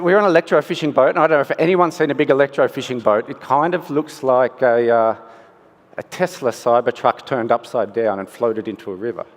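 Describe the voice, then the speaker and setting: A male scientist, telling a first-person story in a relaxed, conversational way during a conference talk. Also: medium pitch. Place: conference hall. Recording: long hall reverb.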